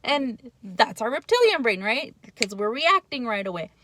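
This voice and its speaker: A woman's voice: fairly high pitch, very animated, normal speed, a bit bright, a little hiss or hum. A woman giving a casual, explanatory talk on parenting, speaking bluntly and often checking in with "right?". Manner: conversational, checks in with frequent "right?".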